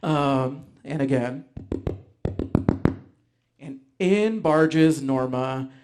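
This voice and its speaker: A man telling a personal story live on stage, animated, acting out voices, with frequent ums. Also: medium pitch, extremely slow. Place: stage before a live audience.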